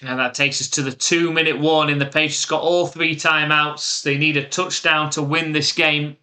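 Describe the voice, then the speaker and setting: A man's voice: fairly high pitch, flat delivery, normal speed, bright, forceful tone. A man with an English accent from the UK, giving live play-by-play commentary and chatting casually with stream viewers.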